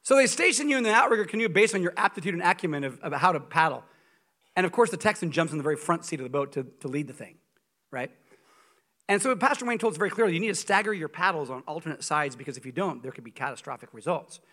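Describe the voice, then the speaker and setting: A man preaching as a guest speaker, telling stories in an animated, humorous and emphatic way. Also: fairly high pitch, fast talker. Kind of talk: sermon.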